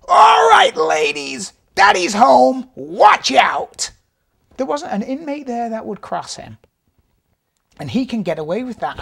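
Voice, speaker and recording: A man working as a prison guard, telling stories from the job in a restless, animated way full of asides. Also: on the high side. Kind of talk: storytelling monologue.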